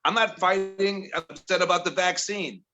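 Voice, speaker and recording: A man's voice: steady tone, moderate pace, sharp tone, highs cut off. Exasperated man from Chicago doing stand-up. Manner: exasperated storytelling, mimics family in higher voices. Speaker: stand-up comedian. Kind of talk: stand-up set. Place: comedy bar with audience.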